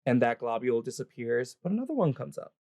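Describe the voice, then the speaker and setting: Gravelly casual game master narrator. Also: mid-range voice, sing-song, fast, a little mellow, dry recording, clean studio sound. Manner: casual, filler-heavy narration with laughs and swearing. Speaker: dungeon master. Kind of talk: narrating a tabletop game on stream.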